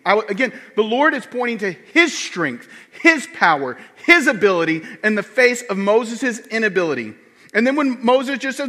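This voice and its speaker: Male pastor, high voice, lively sermon delivery, acts out quotes, long church reverb. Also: brisk. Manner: animated, acts out quoted voices with swings in pitch and volume.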